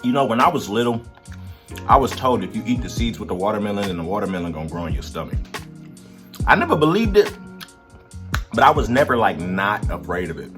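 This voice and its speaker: Give me a relaxed, chatty man answering fan questions over background music. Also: fairly low pitch, brisk, pauses often. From Detroit, Michigan, USA. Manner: laid-back, slangy, chatty with viewers. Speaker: musician and content creator. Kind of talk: casual Q&A vlog.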